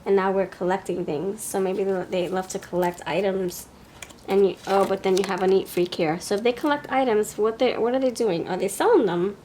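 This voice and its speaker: A woman's voice: medium pitch, steady tone, brisk, warm tone, a little hiss or hum. A woman with a New York accent giving a pick-a-card tarot reading, chatty and thinking aloud as she goes. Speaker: tarot reader.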